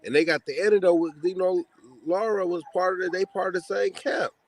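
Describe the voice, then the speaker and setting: A man co-hosting casual boxing talk, halting and repeating himself as he thinks aloud. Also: high voice, steady tone, slight background noise. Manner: loose, halting, repeats words.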